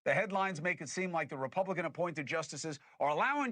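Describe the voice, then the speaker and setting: A male host delivering political commentary in a forceful, bright voice pitched a little high. He argues emphatically and lays things out in plain language. The sound is dry and close. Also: expressive, fast talker, few pauses, dry recording. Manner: argumentative, emphatic, explains in plain terms.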